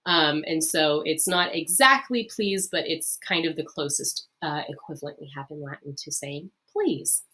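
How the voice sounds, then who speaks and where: A woman teacher explaining a lesson in a friendly, upbeat way, with many fillers, who repeats key phrases slowly. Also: low-pitched, sharp tone, slightly rough. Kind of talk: recorded lesson.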